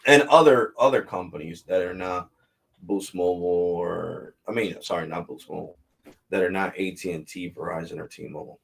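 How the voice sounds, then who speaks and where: A man's voice: low-pitched, moderate pace, vocal fry, husky. A man hosting a tech vlog, ranting casually and bluntly to viewers in slang. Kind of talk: casual rant to camera.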